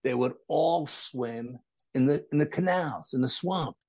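A middle-aged man, telling a story as a podcast guest, animated and repeating phrases for emphasis. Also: mid-range voice, measured pace, creaky, slightly rough, no room sound. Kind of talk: storytelling in casual conversation.

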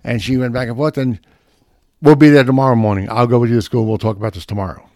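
A man's voice: medium pitch, fairly even intonation, fast, a little mellow, no room sound, clean studio sound. A middle-aged man telling a profane, brash story in casual chat.

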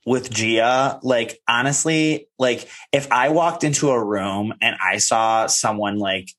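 A man's voice: mid-range voice, takes it slowly, a bit bright. A man co-hosting a casual chat, rambling with many fillers and acting out quotes. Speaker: podcast co-host. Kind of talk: casual reality-TV recap chat.

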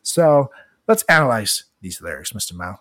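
A man's voice: lowish voice, very animated, moderate pace, fairly bright tone, no echo, clean studio sound. A man co-hosting a podcast in casual chat. He jokes, laughs often and rambles with restarts. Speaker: podcast co-host.

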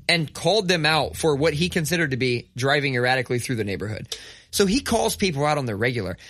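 A man's voice: a little high, a bit bright, no echo. A man co-hosting a podcast, telling a long story in casual chat, swearing a lot and ranting with mock outrage. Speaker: podcast co-host.

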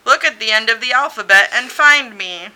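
A woman's voice: a little high, expressive, normal speed, pushed and bright, low-quality recording. A tipsy woman co-hosting a casual chat at home, dry and grumbling and swearing now and then. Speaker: co-host.

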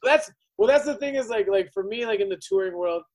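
A man hosting a podcast, telling an animated, profanity-heavy story in casual chat. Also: sits high, fairly quick, a loud crowd, low-quality recording. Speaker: podcast host.

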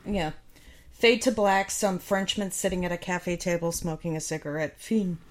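A woman in her thirties co-hosting a podcast, reading out reviews and chatting in an even, measured way. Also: fairly low pitch. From United States. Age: 30s. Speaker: podcast co-host. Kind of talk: casual chat, reading reviews aloud.

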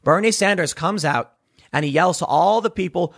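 This man's voice sits high and sounds gravelly, moving at a moderate pace. As a political commentator, he addresses his audience directly in an animated, sarcastic monologue, imitating others mockingly.

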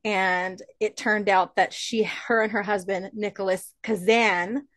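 A woman guest in a casual interview, telling personal stories in a lively way and swearing now and then. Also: mid-range voice, unhurried, no echo, clean studio sound. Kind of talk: casual storytelling chat.

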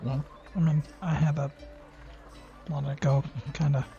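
Male player, fairly high voice, joking, muffled sound, faint music. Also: flat delivery, measured pace, vocal fry, warm tone. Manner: joking, hesitant with fillers. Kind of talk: casual tabletop game play.

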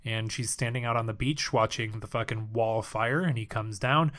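A man's voice: medium pitch, steady tone, normal speed, a bit bright. A man co-hosting a podcast, laid-back and jokey, swearing casually as he retells a film. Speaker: podcast co-host. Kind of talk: casual chat recapping a film.

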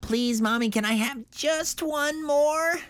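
Femme jouant une petite fille surexcitée. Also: female voice, takes it slowly, no room sound. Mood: pleading, giddy. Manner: high squealing childlike pleading. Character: excitable little girl narrator begging for cupcakes.

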